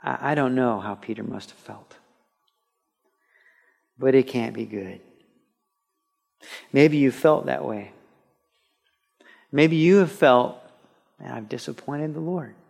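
A man preaching a radio sermon, earnest and conversational, dropping low and soft, then rising into lively storytelling. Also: slow, creaky, long pauses. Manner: earnest and conversational, with repeated restarts; swings between a quiet, intimate tone and lively, raised storytelling. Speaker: pastor.

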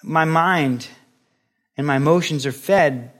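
A man's voice: a little high, takes it slowly. A male pastor giving a sermon in a conversational style, acting out quoted voices as he goes.

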